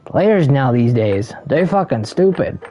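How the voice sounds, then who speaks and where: A man's voice: medium pitch, big pitch swings, unhurried, dark tone, soft background music. Ranting, foul-mouthed male gamer. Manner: angry, heavily profane, ranting. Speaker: game streamer. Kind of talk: ranting gameplay commentary.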